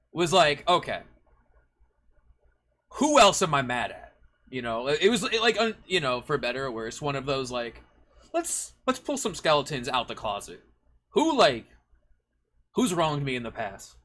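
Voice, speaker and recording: A man's voice: medium pitch, very animated, measured pace, long pauses, bright, forceful tone. A young man and songwriter talking casually, rambling reflectively and using many fillers. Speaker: songwriter, stream co-host. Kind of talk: casual chat.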